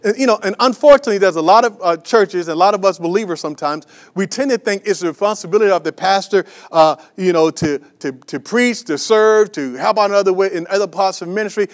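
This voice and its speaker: A man with a notably high voice preaches to his congregation as their pastor. He is emphatic and repetitive, full of restarts and fillers, and keeps asking the church rhetorical questions. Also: expressive, quick pace, hardly any pauses. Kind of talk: sermon.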